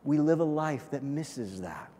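A male pastor preaching a sermon in a lively, conversational way, often checking in with "okay?" and "listen". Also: fairly high pitch, a little slow, slight background noise. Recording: long reverb of a large hall.

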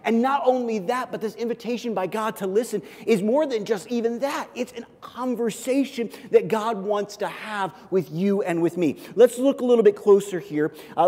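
A man preaching a sermon as a pastor, animated and conversational with frequent asides to the congregation. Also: high-pitched, big-room sound. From Kansas City area.

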